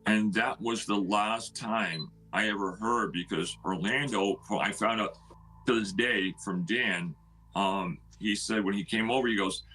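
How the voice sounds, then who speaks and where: Middle-aged male homeowner, raspy low voice, forceful storyteller. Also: a little slow. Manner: animated, retells others' words with "he goes". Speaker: homeowner telling his story. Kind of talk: casual storytelling.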